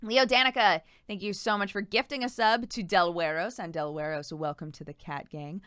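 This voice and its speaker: Bright, crisp-voiced woman streamer. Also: medium pitch, steady tone, moderate pace, no room sound, clean studio sound. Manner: chatty, giggly, thanking subscribers. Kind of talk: casual live-stream chat.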